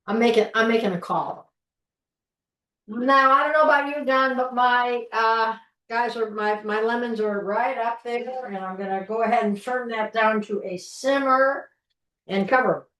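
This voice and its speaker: A woman's voice: fairly high pitch, measured pace, a bit bright. A middle-aged woman leading a live online cooking class from her home kitchen, talking in a folksy, chatty way and often restarting her sentences while she works. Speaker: cooking instructor. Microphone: video call from a distance. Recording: roomy kitchen, mic far off.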